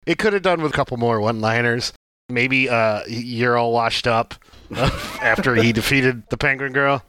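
A man's voice: mid-range voice, normal speed, sharp tone, no echo. A man co-hosting a casual movie podcast, joking around and slipping into mock voices. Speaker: podcast co-host.

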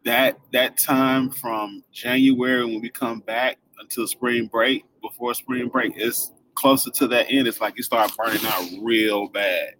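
A man co-hosting a casual podcast chat with his wife, teasing and animated. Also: medium pitch, unhurried, few pauses, a little hiss or hum, poor audio. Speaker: podcast co-host.

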